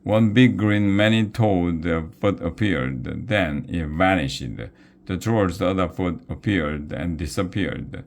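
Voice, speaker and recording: A man reading a children's novel aloud, slow and careful, with small restarts. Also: low-pitched. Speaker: reader.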